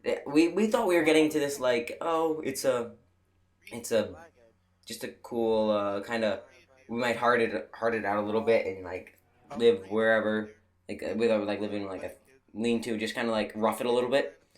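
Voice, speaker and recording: Young adult male video creator with a lowish voice; casual, rambling storyteller with lots of fillers. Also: moderate pace. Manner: rambling, many fillers and restarts; laughs at his own stories.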